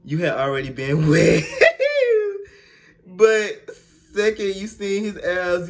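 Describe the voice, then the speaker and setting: A young man hosting a video, reading fan fiction aloud with slangy, animated, mock-outraged commentary and bursts of sing-song. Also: sits high, measured pace, pauses often. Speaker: video host.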